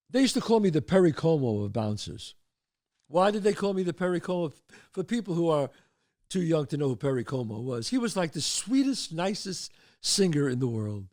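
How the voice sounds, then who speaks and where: Animated New storyteller, older man. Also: on the high side, dry recording, studio quality. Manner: animated storyteller, acts out quotes. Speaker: host. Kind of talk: storytelling chat.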